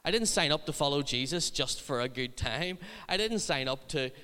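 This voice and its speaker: Bright preacher, big hall. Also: male voice, fairly high pitch, animated, normal speed, clean tone. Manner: humorous, chatty anecdotes. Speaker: youth ministry leader. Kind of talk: sermon storytelling.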